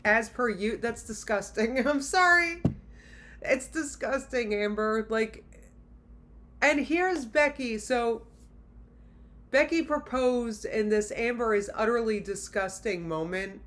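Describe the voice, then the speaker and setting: A woman's voice: fairly high pitch, slow pace, fairly bright tone. A woman hosting a reaction video, talking straight to her viewers in blunt, exasperated casual commentary.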